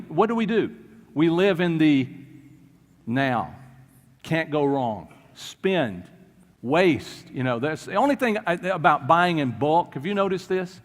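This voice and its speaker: Man, pastor, animated sermon storytelling, fairly high voice, long church reverb.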